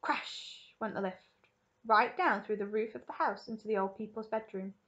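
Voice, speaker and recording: A woman primary school teacher reading a story aloud to children in a lively, expressive way. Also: mid-range voice, normal speed, muffled recording.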